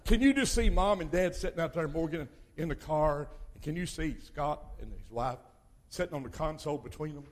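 An older man preaching a sermon as pastor, swinging between loud exhortation and quiet asides. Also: a little high, a little fast.

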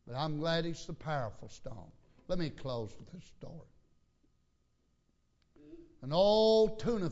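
An older man preaching a sermon and telling a story in a folksy, emphatic way. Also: on the high side. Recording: lo-fi recording.

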